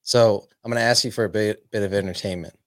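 A male podcast host with a fairly low voice asks questions and praises his guest with open enthusiasm. The sound is close and dry, with no room in it. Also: steady tone, quick pace, no room sound. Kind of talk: interview conversation.

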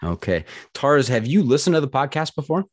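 A man's voice: mid-range voice, big pitch swings, fairly quick. A man hosting a casual podcast interview, easygoing and joking dryly with his guest. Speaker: podcast host.

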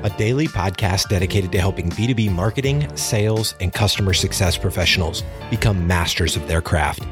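Male announcer, very low voice, scripted show opener, music behind. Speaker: podcast announcer. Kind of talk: scripted intro voice-over. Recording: voice-over with music bed.

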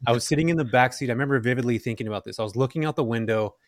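Fast-talking man telling his story. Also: medium pitch, no echo, clean studio sound. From Central Valley, California. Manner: animated storyteller, acts out quoted lines. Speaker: guest, real estate investor. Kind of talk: storytelling in a podcast interview.

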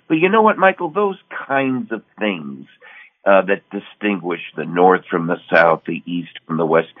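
An older man with a fairly low voice, heard on a tinny, phone-like radio line. He is from the US Northeast and tells folksy stories on the air. He chats casually and acts out the dialogue he quotes. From Connecticut, US Northeast. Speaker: radio show co-host. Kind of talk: casual radio chat, storytelling.

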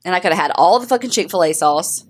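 Animated, swearing woman podcast co-host. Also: on the low side, fast talker. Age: middle-aged. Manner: swears freely, laughs often. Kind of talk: casual chat.

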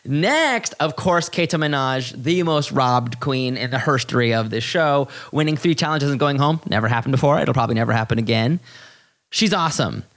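A man hosting a podcast, talking in animated, exasperated, profane bursts that leap up high. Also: moderate pace. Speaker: podcast host. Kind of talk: casual podcast commentary.

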